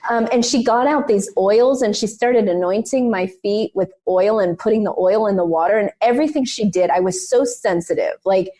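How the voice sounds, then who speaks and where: A woman co-hosting a podcast, recounting an intense personal experience in a lively, emphatic rush. Her voice sits at a middling pitch, with frequent "like"s and "um"s woven through her casual telling. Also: normal speed, hardly any pauses. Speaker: podcast co-host. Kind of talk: personal storytelling in casual conversation.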